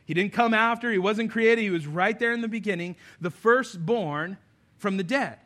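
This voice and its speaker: A man's voice: sits high, normal speed, a bit bright. A man preaching a sermon to his church, in an earnest, conversational way with touches of humor. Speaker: pastor. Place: church service before a congregation.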